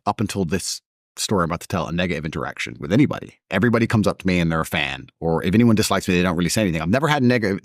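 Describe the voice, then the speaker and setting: A man's voice: fairly low pitch, dry recording. Blunt emphatic guy chatting, voice goes up and down a lot, dry close sound. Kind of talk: casual conversation.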